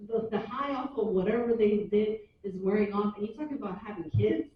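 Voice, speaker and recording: A woman's voice: mid-range voice, lively intonation, fairly quick. A woman in her forties doing a loose, chatty stand-up set at an open mic, laughing at her own jokes. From New York City. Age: 40s. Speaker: stand-up comic. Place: small hotel open mic room. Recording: far-off dull echoey mic with ambience.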